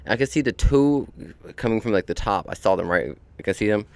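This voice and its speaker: A man's voice: fairly low pitch, lively intonation, fast talker, no room sound. A young man hosting a podcast outdoors on a deck, telling a story in a laid-back way full of swearing and fillers. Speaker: podcast host. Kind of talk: casual storytelling monologue.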